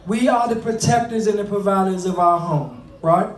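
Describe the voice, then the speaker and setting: A man's voice: sits high, moderate pace, distant mic. Middle-aged man, earnest and conversational, speaking to an audience on fatherhood; echoey room, sitting back from the mic. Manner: earnest, conversational, repeats and restarts. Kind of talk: motivational talk to an audience.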